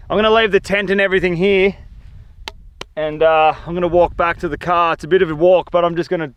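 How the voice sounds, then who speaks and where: A man with an Australian accent vlogging outdoors in the desert, talking in a chatty, slangy, excitable way. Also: sits high, dull audio, a little hiss or hum. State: tired. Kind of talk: casual outdoor vlog talk. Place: outdoors in desert dunes and scrub.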